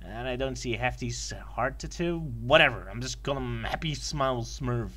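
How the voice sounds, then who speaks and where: A man giving a sarcastic comedic review of an old video game, mock-excited and yelping at it. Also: mid-range voice, moderate pace.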